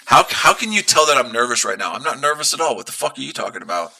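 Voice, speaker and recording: A man with a very bright, piercing voice argues at his live-stream chat. He is combative and profane, hammering the same rhetorical questions again and again. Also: medium pitch, big pitch swings, fast talker, creaky. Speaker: day trader streaming live.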